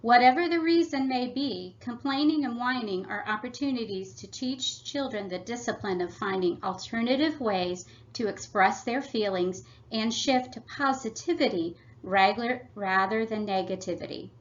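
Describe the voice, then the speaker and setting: A woman presenting a family workshop, reading a prepared script in a measured, instructive way. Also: on the high side. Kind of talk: scripted read-aloud presentation. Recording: slightly dull lo-fi audio.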